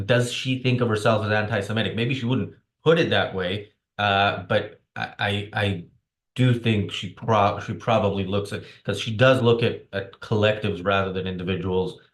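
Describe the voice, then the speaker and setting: A jet-lagged man co-hosting a casual political discussion, speaking haltingly and restarting often. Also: on the low side. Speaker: podcast co-host. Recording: roomy echo.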